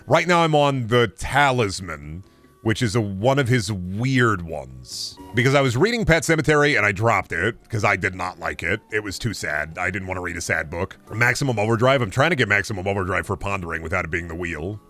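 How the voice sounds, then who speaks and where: A man's voice: on the low side, expressive, a little fast, pushed and bright, faint music behind. A man streaming, chatting casually in a rambling, profane, sarcastic way.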